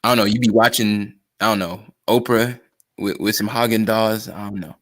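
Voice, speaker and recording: A man with a low voice chats casually and jokes. He speaks, laughs a lot and restarts his sentences with stammers. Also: fairly even intonation, moderate pace, a bit bright. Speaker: podcast co-host. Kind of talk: casual joking chat.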